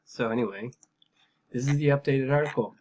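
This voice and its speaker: A man's voice: mid-range voice, brisk, muffled recording, background noise. A man giving emphatic, heated commentary on a news article, with frequent fillers and repeated phrases. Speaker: political commentary vlogger.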